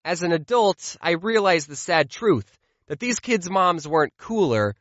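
Lively, high-voiced young man telling stories. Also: a little slow, dry recording, muffled recording. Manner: jokey, deadpan asides between acted-out quotes. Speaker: comedy storyteller. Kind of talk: animated comedic storytelling.

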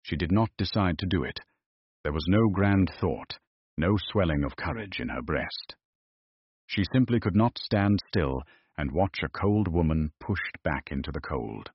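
A man narrating a scripted period story in a measured, deliberate way. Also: sits low, animated, breathy edge, no room sound. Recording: dull, dry close recording.

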